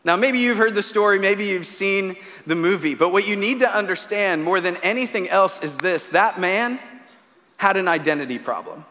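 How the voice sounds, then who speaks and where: A man's voice: high-pitched, normal speed, sharp tone. A man in his thirties, a pastor giving a sermon in a church auditorium, telling stories in a conversational way with frequent restarts. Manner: conversational storytelling with repeated restarts. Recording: long hall reverb.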